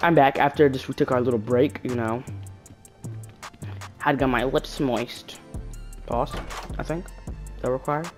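A woman's voice: rumbling low, unhurried, pauses often, faint music behind. A woman giving casual horror-game commentary, jumpy and slangy, yelping at scares and muttering banter to viewers. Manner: animated, jumpy, shrieks at scares then mutters. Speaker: gaming YouTuber.

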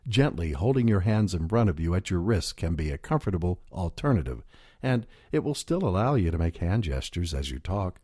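Male narrator for an instructional audio program, low and mellow, measured, close dry studio read. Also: sing-song, husky, dry recording.

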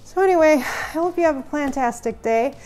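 A woman's voice: sits high, animated, brisk, darkish tone. A woman hosting a casual houseplant tour vlog at home, chatty, goofy and rambling. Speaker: houseplant channel host.

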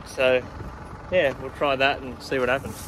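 A man, calmly talking through his farm work outdoors in an easygoing, matter-of-fact way. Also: medium pitch, normal speed. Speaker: farmer vlogger. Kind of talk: casual narration of farm work. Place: outdoors on a farm near machinery. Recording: engine noise in background.

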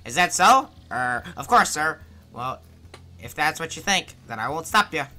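A man voicing a formal, overly polite male ship captain in a video game, lower than his own voice. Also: very animated, normal speed, bright, forceful tone, faint music behind, exaggerated voice.

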